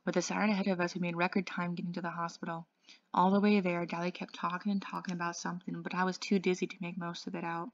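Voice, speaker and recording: A woman reading a novel aloud as an English tutor, measured and even. Her voice is low with a gravelly fry. The recording is dry and dull. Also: no room sound.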